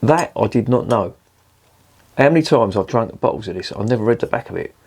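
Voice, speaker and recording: A man talks through a beer review in a relaxed vlog style. His voice sits low, and he keeps things jokey and chatty, dropping swear words along the way. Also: brisk, breathy edge. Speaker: beer reviewer, channel host.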